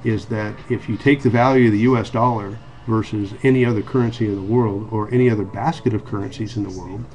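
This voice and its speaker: A man's voice: lowish voice, darkish tone. An American man giving an earnest solo monologue for a video blog, full of ums and restarts. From United States. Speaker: video blogger. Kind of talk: casual monologue to camera.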